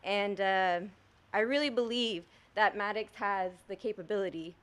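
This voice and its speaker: A woman, a veteran, giving a halting, emotional endorsement of a friend. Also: mid-range voice, slight background noise. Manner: emotional, halting, laughs between phrases. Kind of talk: informal spoken endorsement.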